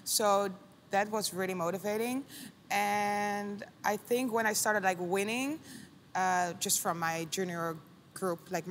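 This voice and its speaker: Young Dutch-accented woman, guest, easygoing podcast chat, mid pitch, faint noise behind. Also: long reverb tail. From Netherlands. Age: 20s. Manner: relaxed, lots of "like" fillers. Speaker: guest athlete. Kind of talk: casual chat.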